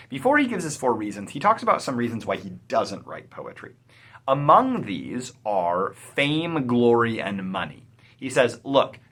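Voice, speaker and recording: A man hosting a poetry channel, explaining a poem in an animated, emphatic way, with some fillers. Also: medium pitch. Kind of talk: explanatory video lecture.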